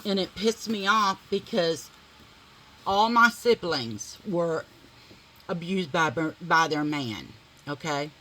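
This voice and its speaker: A woman's voice: on the low side, slow, sharp tone, slight background noise, rough recording. A middle-aged woman vlogger telling a dramatic story while doing her makeup, blunt and full of swearing.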